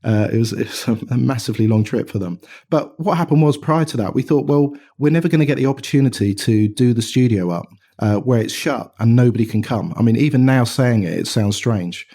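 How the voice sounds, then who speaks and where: A middle-aged man from England, a watch company founder, telling an animated anecdote in a casual interview. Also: medium pitch, fairly quick. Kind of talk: conversational storytelling.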